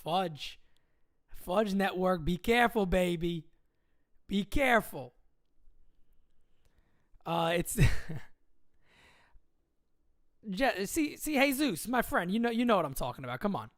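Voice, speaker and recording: A man's voice: sits high, very animated, a little slow, pauses often, no echo, studio quality. A young man hosting a casual sports livestream, rambling and joking as he reads out viewer comments. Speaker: livestream host.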